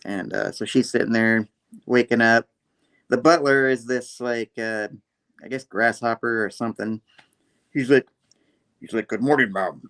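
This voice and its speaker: A man's voice: medium pitch, steady tone, unhurried, long pauses, fairly bright tone. A man hosts a laid-back comic review chat, retelling the story in a loose, rambling way. He laughs often and has a mid-range voice. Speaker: host.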